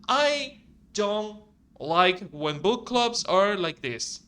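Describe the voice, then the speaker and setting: A man's voice: sits high, sing-song, extremely slow, pushed and bright, smooth. A man giving casual, rambling gameplay commentary, with frequent swearing and restarts. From outside the US. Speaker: let's play host.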